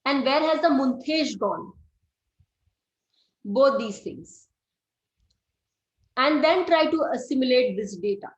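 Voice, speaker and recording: A middle-aged woman teaches a class in a fairly high voice. She walks through each point step by step and keeps putting questions to her students. The sound is roomy and a little dull. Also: animated, slow, pauses often. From India. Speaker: astrology teacher. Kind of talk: classroom lecture. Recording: roomy, slightly dull recording.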